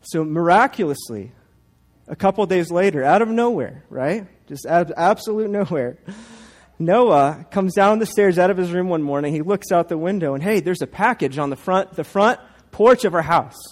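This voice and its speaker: A man's voice: high voice, lively intonation, normal speed. A man in his thirties, a pastor, preaching a sermon and telling a family story with playful asides.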